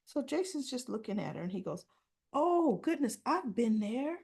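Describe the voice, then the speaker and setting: A woman's voice: fairly high pitch, very animated, moderate pace, gravelly, darkish tone, slightly rough. A woman hosting a casual soap opera recap, chatting and acting out the characters' lines with asides.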